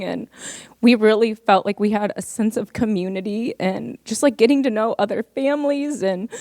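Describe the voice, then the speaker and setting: A woman's voice: medium pitch, a little mellow, no room sound, studio quality. A young woman speaking to an audience as a parent, in an earnest, heartfelt personal speech with frequent ums.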